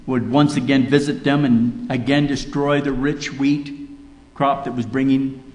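A pastor from Minnesota with a Minnesotan accent, preaching a dramatic sermon that swings between loud emphatic peaks and hushed lows. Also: male voice. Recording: echoey church hall.

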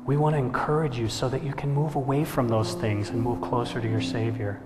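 Male pastor, earnest sermon, measured delivery, long hall reverb, faint music. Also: mid-range voice, level tone. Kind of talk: sermon with storytelling.

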